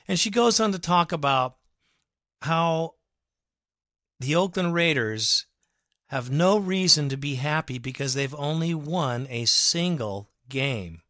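A man's voice: mid-range voice, dry recording, clean studio sound. Fired-up man ranting on a fan podcast. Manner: emphatic, rallying, sarcastic rant with sudden loud bursts. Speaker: podcast host.

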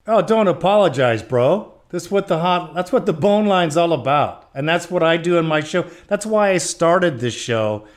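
A male podcast host taking fan calls with an easygoing manner. His voice is a bit high and he keeps it casual. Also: expressive, normal speed, few pauses. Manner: casual, laid-back, calls listeners bro. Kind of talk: fan podcast call-in show.

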